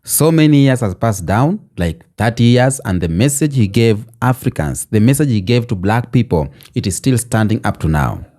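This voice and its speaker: A man's voice: medium pitch, lively intonation, normal speed, few pauses, dark tone. A man hosting a casual video commentary, talking conversationally and often adding "okay?" as a tag. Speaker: YouTube commentary host.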